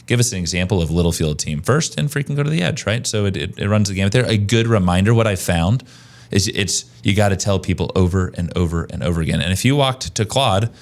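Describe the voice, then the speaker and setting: A man hosting a casual podcast chat, energetic and conversational, often restarting his sentences. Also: low-pitched, fast talker. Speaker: podcast host, agency owner.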